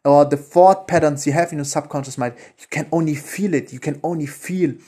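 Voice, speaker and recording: A man with a German accent hosting a motivational podcast, enthusiastic and casual with his swearing, often dropping to a hushed voice as he walks through a guided visualization. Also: on the high side, fairly quick, husky. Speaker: podcast host.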